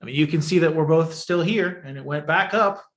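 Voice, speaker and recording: A man's voice: on the high side, a little fast. Earnest man addressing his audience. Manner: earnest, talks straight to the audience. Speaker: podcast co-host, agency owner. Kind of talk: casual livestream chat.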